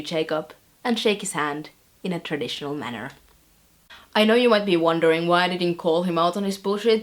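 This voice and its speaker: Fairly low in pitch with a fairly bright tone, a young woman plays a chatty teenage girl tutor vlogging about her week. The scripted monologue is wryly amused and sprinkled with fillers.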